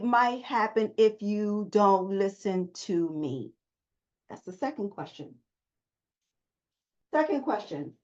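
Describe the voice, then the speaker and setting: A woman's voice: medium pitch, expressive, slow pace, pauses often, darkish tone. A woman therapist giving a motivational self-help talk, emphatic and repeating her key phrases. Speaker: therapist coaching viewers. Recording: dull lo-fi audio.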